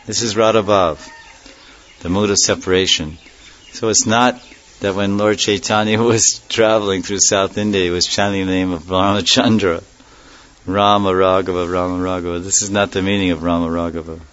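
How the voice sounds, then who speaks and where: A man's voice: low-pitched, fairly even intonation, moderate pace, fairly bright tone. A man giving a devotional lecture in a reflective way, repeating key words and chuckling now and then. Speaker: spiritual teacher. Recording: dull lo-fi recording.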